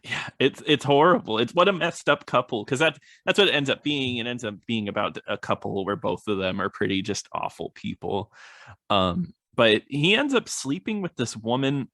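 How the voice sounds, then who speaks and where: A man co-hosts a laid-back movie podcast, his pitch rising and falling in a lively way. He is chatty and quick to agree, with lots of filler words. The recording is dry and close, with little room sound. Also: dry recording. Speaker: podcast co-host. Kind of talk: casual film chat.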